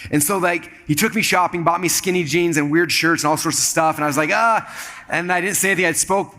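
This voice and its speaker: A man speaking on stage to a live audience, telling a lively personal story and acting out the other people's lines. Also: a little high, fast. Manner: animated, acts out quoted dialogue in shifting voices. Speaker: keynote speaker.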